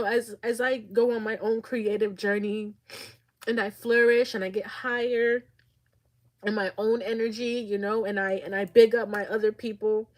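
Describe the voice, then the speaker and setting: A woman's voice: on the high side, a little mellow. A woman psychic reader giving a channeled spiritual reading. She is teary and emotional, and she talks in a heartfelt, rambling way with many fillers and restarts.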